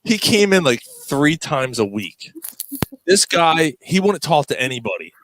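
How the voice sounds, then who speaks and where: A man's voice: on the high side, measured pace, a little hiss or hum. A man telling a rowdy story to friends, cursing and laughing often. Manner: profane, laughing, animated, acts out voices in quotes. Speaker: podcast co-host.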